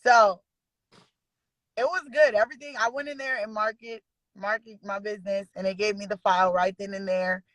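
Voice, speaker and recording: A woman's voice: medium pitch, fairly even intonation, moderate pace, fairly bright tone, dry recording, rough recording. A woman from Sacramento, California, chatting as a student on a video call, retelling her story with quoted dialogue and giggles. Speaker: caller and student signing agent. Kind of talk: casual chat on a video call.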